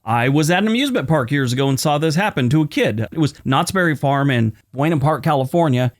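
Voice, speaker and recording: A man hosting a casual history show with a slight lisp after dental work, mixing read facts with chatty personal asides. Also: a little high. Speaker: host.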